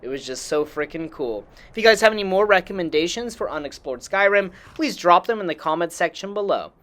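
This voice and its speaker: An enthusiastic host talks through a game walkthrough in a casual voice-over, dropping mild slang along the way. The pitch swings in a lively, animated way while the tone stays relaxed and chatty. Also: fairly quick. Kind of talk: casual gameplay voice-over narration.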